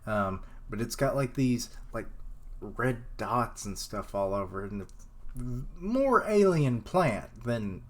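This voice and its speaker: Slow-talking man reading a comic aloud. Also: mid-range voice, sing-song. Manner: slow, chatty, slips into character voices and laughs at himself. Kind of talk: live comic read-along with commentary.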